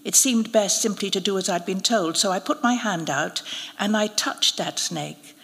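A woman, an actress, reading a short story aloud at a live event in a measured, expressive way. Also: mid-range voice. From United Kingdom. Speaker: narrator, actress. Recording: reverberant hall at a live event.

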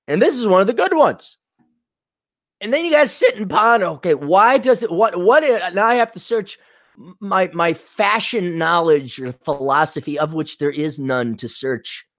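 A man's voice: very high voice, normal speed, no room sound, clean studio sound. A man hosting a podcast, ranting in a casual, comedic way and swearing often as he tells stories. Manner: profane, animated storytelling with quoted voices. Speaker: podcast host.

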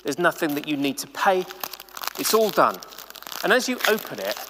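Lively conversational male preacher. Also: a little high, normal speed, long reverb tail, background noise. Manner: animated, conversational, many "like"s. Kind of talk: sermon to camera. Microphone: camera mic.

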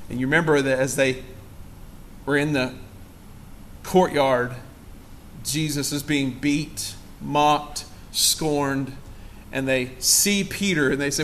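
A pastor preaches to a church congregation in an expressive, fairly bright voice, speaking a little slowly. He dramatically acts out the story's quoted lines with big swings in pitch and volume and puts direct questions to the congregation.

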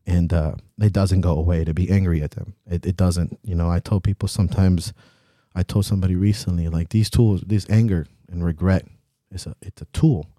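A man's voice: deep voice, fairly even intonation, a little fast, dark tone, no room sound, studio quality. A young man co-hosting a podcast, talking bluntly and emotionally, swearing freely. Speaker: podcast co-host. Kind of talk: candid podcast chat.

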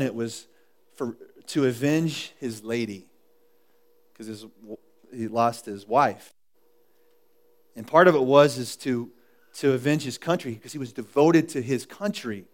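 Male pastor, slightly higher voice, relaxed joking sermon delivery in a church room. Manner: casual, joking, with frequent restarts and laughs.

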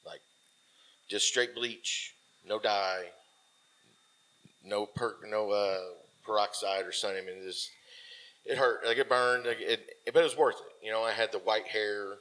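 A man in his forties with a somewhat low voice tells a story from his military days in a loose, conversational way. He leans on fillers and restarts, and his sentences often trail off softly. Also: fairly even intonation, moderate pace. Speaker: military veteran guest. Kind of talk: casual storytelling.

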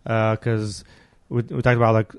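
A man's voice: fairly low pitch, flat delivery, moderate pace, clean tone, no echo, clean studio sound. A man hosting a casual podcast, rambling and laughing as he tells stories and thanks listeners. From immigrant who arrived near his teens. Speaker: podcast host.

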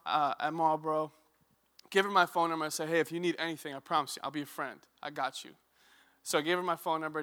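A young man preaching a sermon in a church, telling stories in a lively, conversational way with joking asides. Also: on the high side. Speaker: youth ministry director. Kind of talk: sermon with storytelling. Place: church sanctuary.

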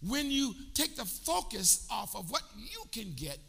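A man's voice: very high-pitched, very animated, unhurried, gravelly, pushed and bright, breathy edge. An older man preaching a sermon, urging his congregation to answer him back. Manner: preaching with call-and-response to the congregation. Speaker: pastor. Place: church sanctuary. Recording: long church hall reverb.

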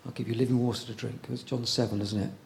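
A man preaching a sermon in a conversational way, pausing often and repeating words as he goes. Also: medium pitch, little pitch movement, creaky, darkish tone, slight background noise.

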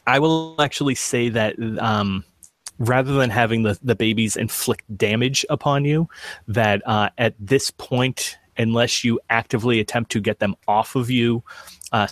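A man running a tabletop game as game master, narrating with many halting fillers. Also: medium pitch, fairly bright tone, dry recording.

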